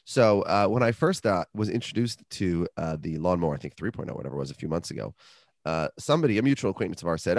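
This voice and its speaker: A low-voiced man talks fast and animatedly, swinging his pitch up and down as he jokes around in a casual sports podcast. The sound is dry and close, with no room around it. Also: dry recording. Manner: jokey, rambling, lively. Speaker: podcast co-host. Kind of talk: casual sports chat with ad read.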